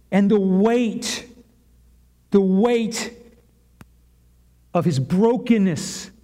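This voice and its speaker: A male pastor giving a sermon, retelling a scene dramatically with long pauses and repetition. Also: extremely high pitch, mellow.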